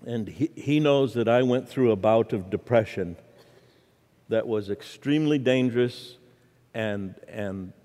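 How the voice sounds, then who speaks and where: In an unhurried mid-range voice, a middle-aged guest preacher delivers a lighthearted sermon, telling stories and animatedly joking with the crowd. The recording has the reverb of a church hall.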